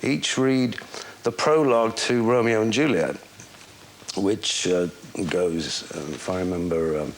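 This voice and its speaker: An older man telling a story from his drama school days in an interview, pausing often with fillers. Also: sits low, a little hiss or hum. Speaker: former drama school classmate. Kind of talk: anecdotal interview.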